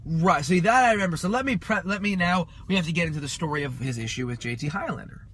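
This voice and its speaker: A man with a high, sharp, forceful voice, co-hosting a casual chat. He tells his story in an animated, profane, rapid-fire way. A faint hum sits behind him. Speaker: podcast co-host.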